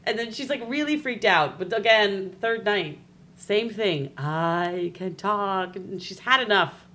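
Lively, bright-voiced woman. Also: mid-range voice, measured pace. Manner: animated joke-telling. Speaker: podcast co-host. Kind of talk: casual chat.

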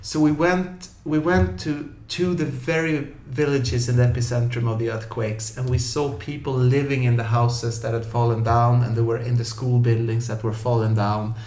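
A professional clown telling lively stories in an interview, acting out scenes with yelps and funny voices. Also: male voice, mid-range voice, normal speed, hardly any pauses. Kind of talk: animated storytelling in an interview. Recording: echoey room.

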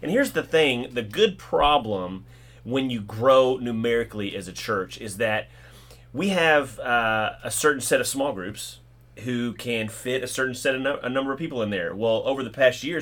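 Upbeat male host, joking and emphatic, casual church talk show, average pitch. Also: a bit bright. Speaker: podcast host for small group leaders. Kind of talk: casual church podcast chat.

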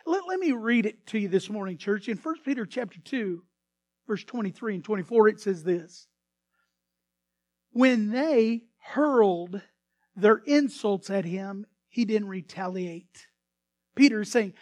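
A man preaching a sermon as pastor, swinging between hushed asides and sudden loud bursts. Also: high-pitched, lively intonation, moderate pace, no room sound.

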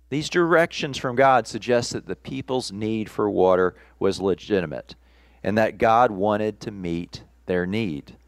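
A male pastor delivers a sermon at an unhurried, measured pace, pausing between phrases. His voice sits low, and the sound is dry and close, with little room echo. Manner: slow, deliberate preaching with pauses. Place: church, streamed service.

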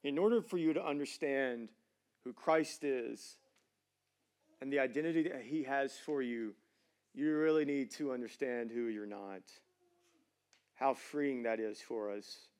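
A middle-aged pastor preaching a sermon in a casual, conversational way, with slangy fillers. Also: male voice, mid-range voice, a little slow, long pauses, a little mellow.

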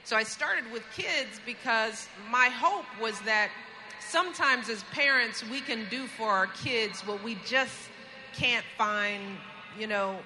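A woman's voice: a little high, slow, background noise. A woman answering interview questions on stage in an earnest, emphatic way, heard in a clip played back. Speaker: interview guest.

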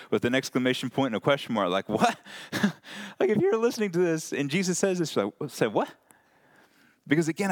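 A man preaching a casual, conversational sermon, animated and full of fillers. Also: medium pitch, no room sound, clean studio sound. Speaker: pastor.

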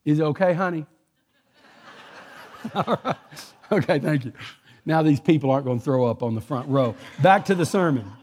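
A man's voice: fairly high pitch, moderate pace, long pauses, a little mellow. An older man from Texas with a Texan accent preaching a sermon in a church, folksy and joking, repeating his points for emphasis. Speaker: pastor. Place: church sanctuary.

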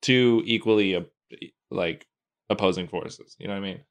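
A man's voice: sits low, moderate pace. A man co-hosting a casual movie podcast, joking wryly with friends. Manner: wry, breaks into mock singing. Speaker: podcast co-host. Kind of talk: casual chat.

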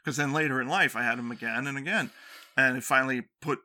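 A man's voice: mid-range voice, quick pace, sharp tone. A man telling a long, self-deprecating story in casual chat, rambling with many fillers and restarts.

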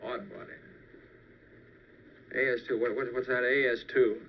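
A man's voice: mid-range voice, little pitch movement, moderate pace, a little hiss or hum, close to an everyday voice. An actor playing a tired, doubting man who answers wryly, heard on a dull old film soundtrack. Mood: skeptical. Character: weary, skeptical young man after a crisis.

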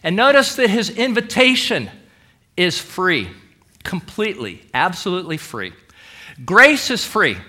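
A man preaching a sermon with emphatic delivery, dramatic pauses and quoted scripture. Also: sits high, very animated, pushed and bright. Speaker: pastor.

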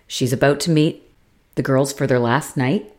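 A woman co-hosting a casual podcast chat, recapping a TV series and acting out the characters' lines with big leaps in pitch. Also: moderate pace. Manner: animated retelling, acts out quotes with big pitch jumps. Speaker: podcast co-host.

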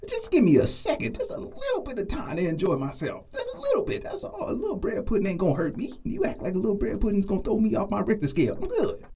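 A man's voice: high voice, wildly swooping pitch, fast talker, few pauses, dark tone, slight background noise, heavily acted. An actor playing a man on a diet who tells rambling stories full of "uh"s and gets defensive about dessert.

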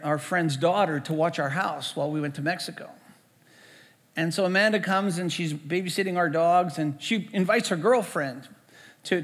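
A man's voice: high voice, fairly bright tone. A man, a pastor preaching a storytelling sermon in a conversational way, often repeating words as he goes. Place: church sanctuary. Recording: echoey church hall.

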